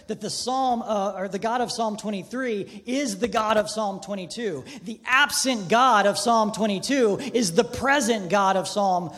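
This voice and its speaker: A man preaching a sermon, earnest, shifting between hushed reflection and emphatic preaching, with casual asides. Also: high voice. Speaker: pastor. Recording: long reverb of a large hall.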